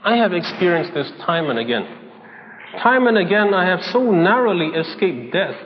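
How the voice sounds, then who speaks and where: A man's voice: high voice, very animated, normal speed. A man preaching a sermon, telling a story and acting out its dialogue, often laughing as he goes. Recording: old lo-fi recording in a reverberant hall with faint noise.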